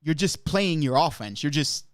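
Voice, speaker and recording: A man co-hosting a podcast, talking sports excitedly in casual chat, swearing often and restarting his sentences. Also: a little high, normal speed, dry recording, studio quality. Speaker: podcast co-host.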